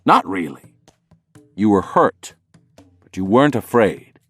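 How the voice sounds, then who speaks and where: A man reading the lines of a male sorcerer teacher in an audiobook, matter-of-fact and gently mocking. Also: lowish voice, big pitch swings, measured pace, husky, no room sound, soft background music, full character voice. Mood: calm.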